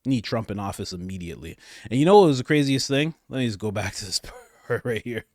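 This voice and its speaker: A man's voice: fairly low pitch, fast, dry recording, clean studio sound. A man hosting a podcast, giving comedic political commentary in a sarcastic, mocking rant. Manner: sarcastic, mocking, animated ranting. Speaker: podcast host.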